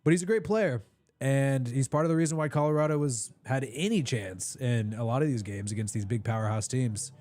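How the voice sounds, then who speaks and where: A man hosting a live draft reaction stream, talking casually and rambling with lots of restarts, his voice a bit hoarse. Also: mid-range voice, a little fast, a little mellow. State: slightly hoarse.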